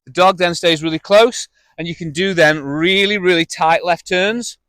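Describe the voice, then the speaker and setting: A man with a fairly high-pitched voice explains how to train a dog, talking straight to the camera as he walks the dog through each step. His tone is direct and practical. The recording is close and dry, with little room sound. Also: normal speed, fairly bright tone, dry recording. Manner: direct and instructive, talking to camera while demonstrating. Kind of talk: hands-on training demonstration.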